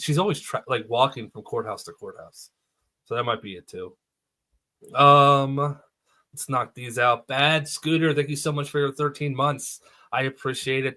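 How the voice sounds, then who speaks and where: A man's voice: mid-range voice, pushed and bright. A man hosting a livestream, chatting casually and thanking supporters in a self-deprecating way. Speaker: livestream host. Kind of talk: casual chat.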